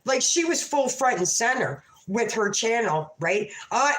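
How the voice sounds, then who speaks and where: A woman's voice: a little high, animated, a little slow, hardly any pauses, a bit bright, echoey room. A woman hosting a late-night livestream, chatting in a rambling, profane and gossipy way. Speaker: livestream host.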